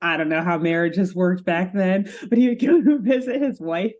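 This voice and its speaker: A woman's voice: fairly low pitch, normal speed, darkish tone. A young adult woman co-hosting a podcast in casual chat, talking chattily with lots of fillers and frequent laughs. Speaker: podcast co-host.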